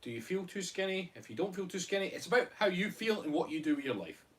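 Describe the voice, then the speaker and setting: A man's voice: high-pitched, expressive, fast, distant mic. A Scottish man co-hosting a live stream, joking and bantering as he reads out viewer comments. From Scotland. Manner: joking, playful, laughing banter. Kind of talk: casual live-stream chat reading comments.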